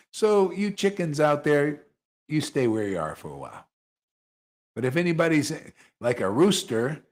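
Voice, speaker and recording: A man leading an informal devotional gathering, who talks in a loose, animated way, breaks into chuckles and mocks other people in put-on voices. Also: mid-range voice, slightly rough. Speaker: spiritual teacher leading satsang.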